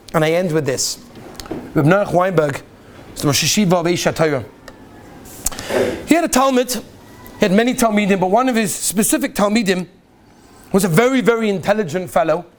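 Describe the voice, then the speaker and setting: A man, a rabbi, welcoming yeshiva students with parables, acting out the characters and sprinkling in Yiddish and Hebrew words. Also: slight background noise. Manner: storytelling, acts out characters with big pitch swings. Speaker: rabbi giving a welcome talk. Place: yeshiva hall.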